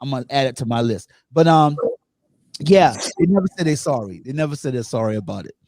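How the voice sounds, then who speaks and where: A man hosting a casual panel talk show, animated and laughing, repeating phrases for effect. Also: mid-range voice, quick pace, dry recording.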